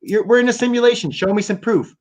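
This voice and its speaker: A man's voice: sits high, fast, crowd noise. A young man chatting on a podcast with slangy, swearing, jokey banter. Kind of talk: casual podcast chat.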